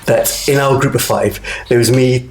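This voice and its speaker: A man's voice: mid-range voice, fairly even intonation, moderate pace, a little hiss or hum. Chatty man telling stories. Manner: chatty storyteller, acts out quotes, many restarts. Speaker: guest actor. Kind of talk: casual interview chat.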